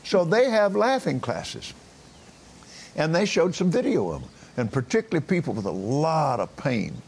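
A man's voice: on the high side, creaky, breathy edge. A man preaching casually on a broadcast from his backyard, rambling with restarts and chuckling as he talks. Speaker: minister. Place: backyard, outdoors.

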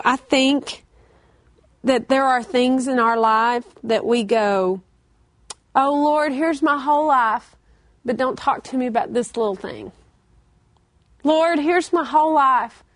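A woman delivers a sermon in a high, bright-pitched voice, talking to her listeners like old friends. She acts out quoted prayers and dialogue with lively energy. The recording is dry and close, with no room sound. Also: no room sound. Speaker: preacher.

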